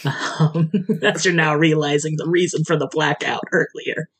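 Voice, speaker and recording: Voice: medium pitch, steady tone, unhurried, fairly bright tone, slightly rough. A game master narrating a tabletop game in a loose, profane way, often laughing.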